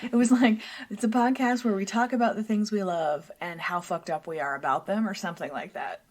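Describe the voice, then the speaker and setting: A young woman chats casually as a podcast co-host. She rambles, mocks herself and laughs often, in a voice of middling pitch. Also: fairly even intonation, a little fast. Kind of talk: casual chat.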